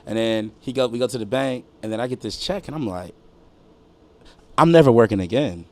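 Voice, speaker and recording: A middle-aged man and music producer from St. Louis, telling stories in a casual interview, animated and swearing freely. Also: mid-range voice, fast. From St. Louis, USA. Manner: animated storyteller who acts out quotes, swears freely.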